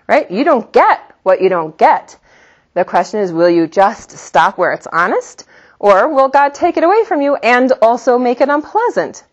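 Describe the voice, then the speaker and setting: Middle-aged woman religious teacher, animated storyteller with a lively, swinging delivery, slightly muffled recording. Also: fairly high pitch, moderate pace. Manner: animated storyteller, laughs often. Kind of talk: religious talk with personal stories.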